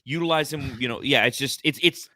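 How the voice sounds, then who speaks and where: A man's voice: mid-range voice, brisk, sharp tone, no room sound, clean studio sound. A man co-hosting a sports podcast, talking in casual, profane, blunt rants. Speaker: podcast co-host.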